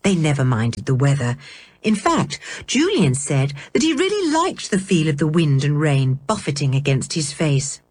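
A woman narrates a children's story in a measured, expressive way, her pitch moving widely. Her voice is slightly husky. The recording is close and dry. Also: dry recording.

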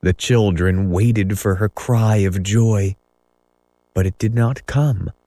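A man reading a children's story aloud as narrator, in measured storytelling. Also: lowish voice, dark tone, no echo. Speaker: audiobook narrator. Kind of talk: scripted narration.

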